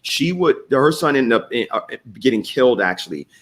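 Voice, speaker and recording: A middle-aged man hosts a live morning talk show with a mid-range voice. He tells stories in an animated, unfiltered way, swears now and then, and reads viewer comments aloud between his points. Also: medium pitch, moderate pace.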